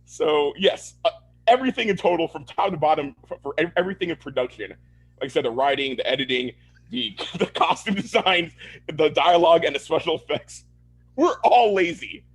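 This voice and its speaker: A man's voice: a little high, expressive, moderate pace, husky. A man co-hosting a podcast, ranting casually with lots of swearing and laughter. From Florida, USA. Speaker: podcast co-host. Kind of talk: casual chat.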